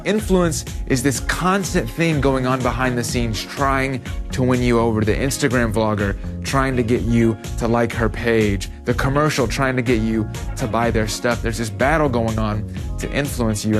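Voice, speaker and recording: Youth pastor, male, mid-pitched, chatty, animated sermon delivery, light music bed. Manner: conversational, animated storytelling.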